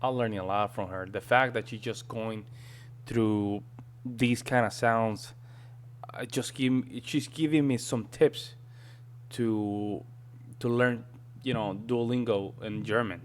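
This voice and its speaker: A man hosting a reaction video, thinking out loud in a loose, chatty way. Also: mid-range voice, steady tone, slow. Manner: thinking aloud, restarts and fillers, chatty asides. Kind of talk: casual reaction commentary.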